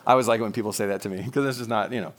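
A man preaches rapid-fire in a lowish voice, earnest and conversational in tone. He acts out scripture quotations in character and frequently chuckles.

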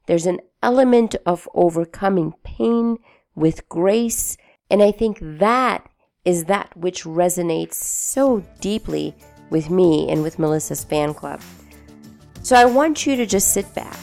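A woman's voice: on the low side, creaky, a little mellow. A woman from Afghanistan hosting a podcast, introducing the episode in a chatty, enthusiastic, folksy way. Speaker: podcast host.

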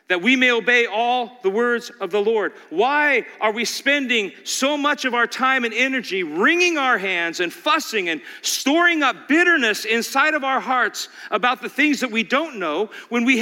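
High, bright-voiced preacher in a hall. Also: male voice. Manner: animated preaching, rhetorical questions, acting out voices. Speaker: pastor. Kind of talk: sermon.

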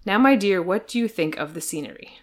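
A woman reading the lines of a fussy, pompous older gentleman aloud, in a prim storybook delivery. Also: fairly low pitch, expressive, fairly quick.

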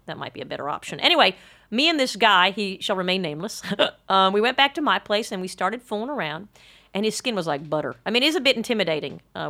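A woman's voice: medium pitch, sharp tone. A woman delivering a rambling comic monologue in a mock-earnest, frank and crude way.

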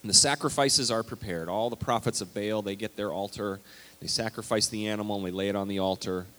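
A male pastor preaching a sermon, animated and emphatic, reading scripture aloud with big swings in loudness. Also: lowish voice, brisk. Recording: long hall reverb.

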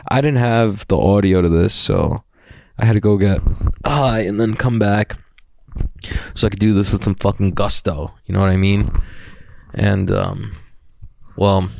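A man's voice: on the low side, vocal fry, darkish tone, no room sound, clean studio sound. A man hosting a podcast, talking in a loose, rambling, profane way and laughing often. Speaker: podcast host. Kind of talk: casual rambling monologue.

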